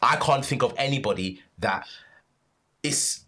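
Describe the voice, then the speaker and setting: A young man, reacting casually to a rap track as co-host, excitable and swearing, repeating himself for emphasis. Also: medium pitch, a little slow, slight background noise.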